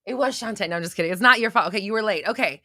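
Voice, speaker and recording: A young woman talks loosely and excitedly to her live-stream viewers and drops the odd swear word. Her tone is bright and forceful, and the sound is close and dry. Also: mid-range voice, rapid-fire, dry recording. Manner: chatty, swears, reads viewer comments aloud. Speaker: host of a live manifestation coaching stream. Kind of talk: casual live-stream talk.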